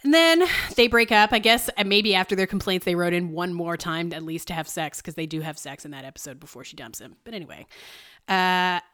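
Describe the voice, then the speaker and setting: A woman's voice: fairly low pitch, expressive, brisk, fairly bright tone. A young adult woman hosting a podcast, chatting casually and sardonically with frequent laughs. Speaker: podcast host. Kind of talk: casual chat.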